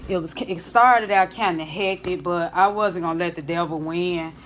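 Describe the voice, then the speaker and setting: A young woman talks to camera from her home in a low, easy voice. She rambles in a relaxed way, circling back and restarting her sentences. A faint background hiss sits under the recording. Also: moderate pace. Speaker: vlogger, hotel banquet server. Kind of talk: casual chat to camera. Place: at home, indoors.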